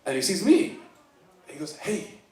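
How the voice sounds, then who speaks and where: A man's voice: on the high side, lively intonation, normal speed. A man from Iceland doing open mic stand-up, rambling and self-deprecating, acting out the voices of the people in his stories. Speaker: stand-up comedian. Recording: echoey room recorded from a distance. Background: audience laughter.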